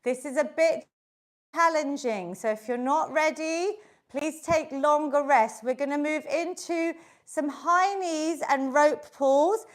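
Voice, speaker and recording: A high-pitched woman instructor runs a live online workout class from home. She is upbeat and encouraging, calling out counts and cues as she exercises along with the group. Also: slow. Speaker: fitness instructor.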